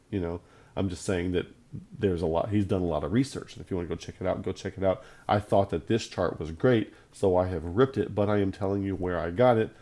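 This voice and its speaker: Mellow low-voiced Bible teacher. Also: male voice. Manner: emphatic, conversational, repeats points for stress. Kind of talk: video Bible lesson.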